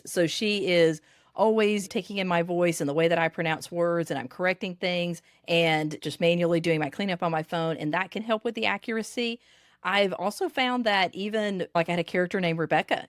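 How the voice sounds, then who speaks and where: A woman with a Southern US accent, coaching authors on dictation in an animated podcast interview. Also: fairly low pitch, no echo, clean studio sound.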